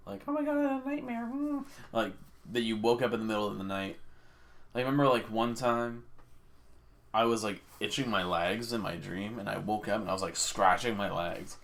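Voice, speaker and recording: Young male co-host, low voice, rambling and giggly chat. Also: a little fast, a bit bright. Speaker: podcast co-host. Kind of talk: casual chat.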